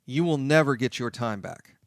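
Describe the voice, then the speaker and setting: A man's voice: medium pitch, lively intonation, normal speed, dry recording, clean studio sound. A man hosting a talk radio show, speaking emphatically and repeating his key points.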